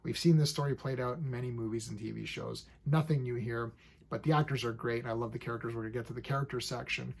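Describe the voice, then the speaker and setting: A man in his forties giving a casual, enthusiastic review of a TV episode, full of fillers and quick acted-out bits of scenes. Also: mid-range voice, steady tone, gravelly. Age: 40s. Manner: chatty and enthusiastic, lots of fillers, acts out scenes.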